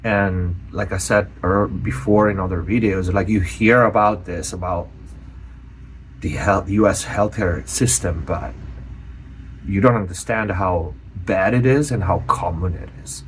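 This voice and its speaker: A man from Europe, a channel host giving a personal update, speaking earnestly with many pauses and restarts. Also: low-pitched, slight background noise.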